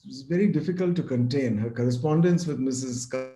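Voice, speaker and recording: Low, mellow male lecturer in an echoey room. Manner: measured, reads quotations with some restarts. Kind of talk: academic lecture, partly read. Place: room, speaking over video call. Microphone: video call.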